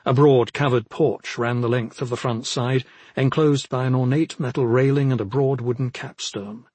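A man reading fantasy fiction aloud as an audiobook narrator, with a steady, even storytelling delivery. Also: mid-range voice, normal speed, husky, no room sound.

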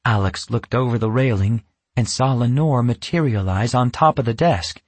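Husky man narrating a storybook. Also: mid-range voice, normal speed, no room sound.

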